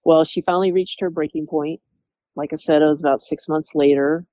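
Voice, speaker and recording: A former employee telling a candid, animated story about workplace conflict and acting out coworkers' words. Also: medium pitch, fairly quick, no room sound, highs cut off. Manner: animated, acts out quoted coworkers.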